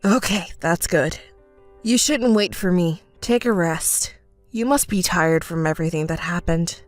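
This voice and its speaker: A woman's voice: lowish voice, unhurried, no room sound, soft background music, pitched below the performer's own voice, lightly acted. A woman voicing an evasive, apologetic young husband in a text story, stammering and placating.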